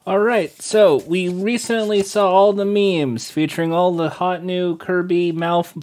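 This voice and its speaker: A man's voice: high-pitched, flat delivery, unhurried, darkish tone. A man hosting a casual comedy podcast, putting questions to his co-hosts in a mock-formal way. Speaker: podcast host.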